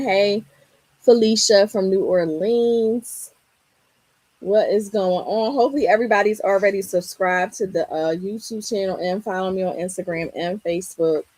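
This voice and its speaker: A woman hosting a casual livestream, her voice strained and raspy, greeting viewers by name in an upbeat, chatty way. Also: lowish voice, a little mellow, dry recording, low-quality recording. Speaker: livestream host and Canva teacher.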